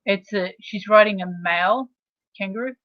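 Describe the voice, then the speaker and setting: A woman's voice: medium pitch, normal speed, no room sound. An Australian woman chatting on a livestream, teasing the host and explaining at length with many restarts. The sound is dull and muffled, and the audio is dry. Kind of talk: casual chat.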